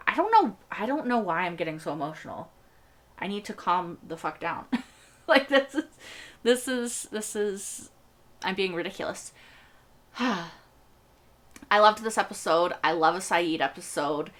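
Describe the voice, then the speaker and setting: A woman's voice: medium pitch, bright, forceful tone. A young woman hosting a TV reaction video, rambling earnestly in casual chat and laughing often.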